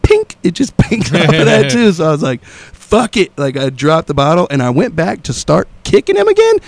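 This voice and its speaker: A man's voice: on the high side, huge pitch swings, brisk, vocal fry, dry recording. A young man telling a wild story in casual chat, laughing often and acting out voices and sounds.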